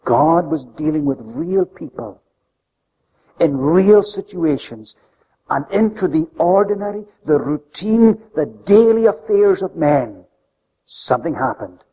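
A man preaching a sermon with an emphatic delivery that swings between loud, high stresses and soft, low drops. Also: expressive, unhurried, slightly rough. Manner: emphatic, rising and falling delivery. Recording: lo-fi recording with long hall reverb.

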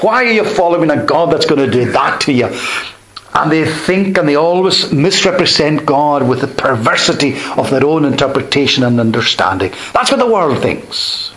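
A man preaching a sermon, expounding scripture with measured emphasis, dropping softly on key words. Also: a little high, very animated, rough recording.

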